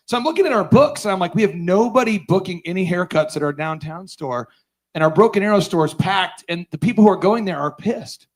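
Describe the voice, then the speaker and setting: A middle-aged man telling a comic story as a business conference speaker, loud and animated when he acts out scenes, laughing as he goes. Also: sits high, brisk, poor audio. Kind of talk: comedic storytelling keynote. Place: conference stage before a live audience.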